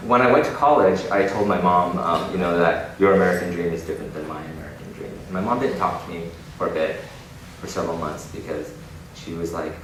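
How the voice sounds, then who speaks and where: Deep-voiced man giving a keynote in an echoey hall. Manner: animated storytelling with frequent laughs. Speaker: keynote speaker. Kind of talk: inspirational keynote talk. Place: large conference hall. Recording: echoey hall, distant mic, noisy.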